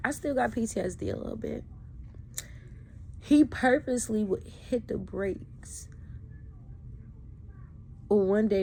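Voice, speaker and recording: A woman's voice: medium pitch, gravelly, darkish tone, slight background noise. A woman talking straight to camera in a candid personal vlog, with raw, emotional, profane storytelling. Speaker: vlogger.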